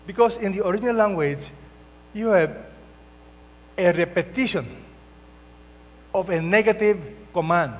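A man preaching a sermon as pastor, slow and emphatic, drawing out the scripture quotes he reads. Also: high-pitched. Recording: dull, lo-fi sound with long hall reverb and mains hum.

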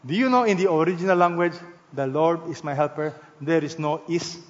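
A man preaching a sermon as pastor, leaning hard on stressed words and swinging between loud emphasis and hushed, slow phrases. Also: on the high side, big-room sound, muffled recording.

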